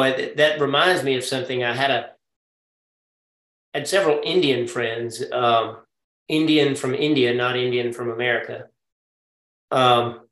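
A man leading a casual group Bible study, folksy and quick to laugh. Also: medium pitch, fairly bright tone. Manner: folksy, laughs often, affirms with yep. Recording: roomy echo.

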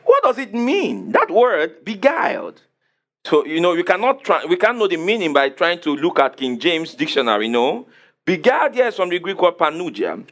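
A pastor's high, lively voice swings widely in pitch as he preaches emphatically, repeatedly calling on the congregation to answer him. He slows down to repeat key words and spell them out.

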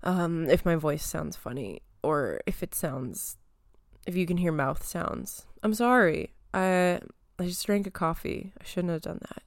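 A young woman talking through movie and TV news in a loose, rambling way, full of ums and little laughs. Her voice sits slightly low and comes across smooth and clean, with a touch of phlegm in the throat. It is recorded close and dry, with no room sound. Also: lively intonation, a little slow, no room sound. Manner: rambling, many fillers and giggles. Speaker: podcast host. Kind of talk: casual pop-culture chat.

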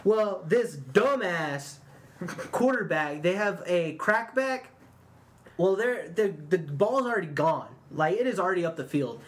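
A man's voice: sits high, lively intonation, measured pace. Young man telling a rambling story. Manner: rambling storyteller, swears a lot, lots of "dude" and "like". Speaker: podcast co-host. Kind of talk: casual chat.

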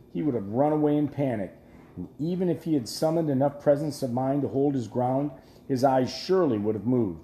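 A man narrating an audiobook in a measured storytelling voice that drops quiet at tense moments. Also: mid-range voice, echoey room, slight background noise. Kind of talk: scripted narration.

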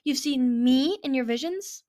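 A woman's voice: on the high side, lively intonation, a little fast, close to an everyday voice. A woman reading a storybook aloud, voicing a nervous, shy young male sea dragon who speaks hesitantly. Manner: hesitant, soft-spoken.

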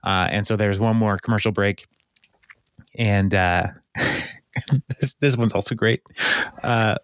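A man's voice: lowish voice, fairly even intonation, unhurried, pauses often, smooth, dry recording, studio quality. A man co-hosting a podcast, casually recapping a show and acting out lines in playful put-on voices. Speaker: podcast co-host.

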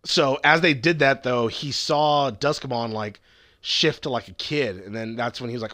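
A man in his thirties, co-hosting a podcast, recapping an episode in casual, animated chat and swearing freely. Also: medium pitch, moderate pace, no echo, clean studio sound. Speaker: podcast co-host.

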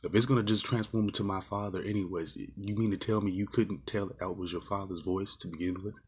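A man's voice: low-pitched, fairly even intonation, fairly quick, a little mellow, husky. A man giving a casual, exasperated movie review, rambling with fillers and swearing often. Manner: rambling with many fillers and restarts.

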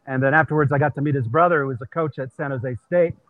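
A man's voice: mid-range voice, quick pace, dry recording, narrow, tinny audio. A male stand-up comedian from California, telling anecdotes casually with lots of "uh" fillers, calling in from a busy venue. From California, USA. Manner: animated anecdotes with many fillers. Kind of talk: casual storytelling. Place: busy comedy venue with people walking around.

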